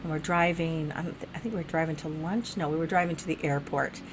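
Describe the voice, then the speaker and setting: A woman casually telling a vivid dream story in a chat, animated, swearing freely and laughing as she goes. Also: deep voice, fast talker, noisy background. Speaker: guest sharing a dream.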